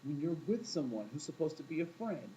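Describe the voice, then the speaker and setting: A man's voice: fairly high pitch, very animated, brisk, dark tone, slight background noise, rough recording. A man teaching a class in a casual, storytelling way, often asking the room questions and acting out quoted voices. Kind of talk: classroom talk to students.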